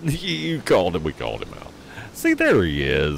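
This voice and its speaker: A man chatting casually on a live game stream, rambling and halting as he thanks his viewers. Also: low-pitched, wildly swooping pitch, gravelly, slight background noise.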